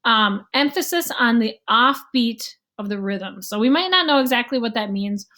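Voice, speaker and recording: A woman's voice: fairly high pitch, animated, normal speed, pushed and bright. A young adult woman giving a casual online music lesson, explaining rhythm and scales and sometimes humming or counting beats aloud. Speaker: music teacher.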